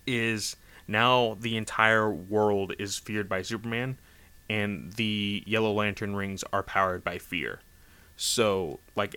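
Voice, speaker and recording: Slow, bright-toned man recapping a story. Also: fairly low pitch, smooth. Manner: rambling, animated, lots of "like" and "you know". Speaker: comic book recap host.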